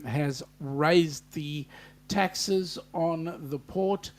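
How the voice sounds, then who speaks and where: An Australian man with a somewhat high voice hosts a casual live-stream chat, reading viewer comments aloud and bantering with them. He sounds hesitant, with frequent ums and restarts.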